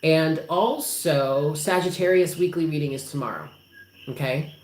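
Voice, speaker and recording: A woman's voice: low-pitched, a little slow, darkish tone. A woman giving live tarot readings to her viewers, affectionate and emphatic, who swears casually. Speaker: tarot reader. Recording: roomy with faint background noise.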